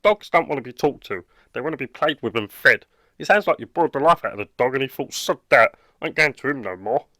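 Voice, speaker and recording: A man's voice: medium pitch, expressive, fast talker, sharp tone, no echo. A man voicing a blunt, short-tempered dog owner in a cartoon, speaking with a British accent. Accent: British English. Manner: blunt and exasperated. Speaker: cartoon character. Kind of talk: animated comedy dialogue.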